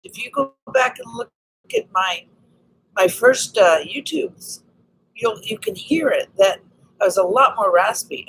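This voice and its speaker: A woman with a slightly raspy voice talks excitedly and earnestly in a casual personal vlog about healing. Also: mid-range voice, slight background noise, poor audio. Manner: earnest, excited, spiritual self-help talk. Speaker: vlogger.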